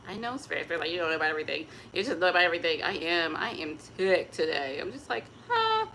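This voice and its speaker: A woman chatting casually to camera at home, expressive and open about her feelings. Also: fairly low pitch, quick pace, a little hiss or hum. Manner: chatty and emotionally expressive, breaks into gospel singing. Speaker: vlogger.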